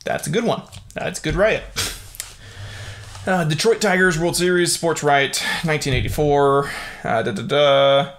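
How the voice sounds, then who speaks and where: A young man hosting a casual solo podcast, reading facts haltingly with lots of fillers and breaking into excited exclamations. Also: on the high side. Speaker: podcast host.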